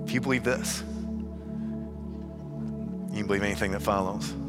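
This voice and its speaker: A middle-aged man preaching a sermon, moving between hushed, earnest tones and lively storytelling. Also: lowish voice, moderate pace, loud music behind the voice. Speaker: pastor.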